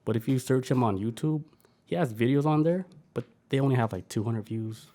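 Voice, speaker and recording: A man's voice: mid-range voice, fairly quick, warm tone. Laid-back man swearing through casual chat. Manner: loose, profane and enthusiastic. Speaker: podcast host.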